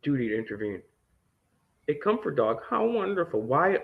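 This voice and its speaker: An indignant man rants through a stack of documents, his fairly high voice leaping up and down with sarcasm as he swears freely. The dull, lo-fi recording takes the edge off his voice. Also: very animated, normal speed, creaky. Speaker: independent news vlogger. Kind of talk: ranting commentary reading documents aloud.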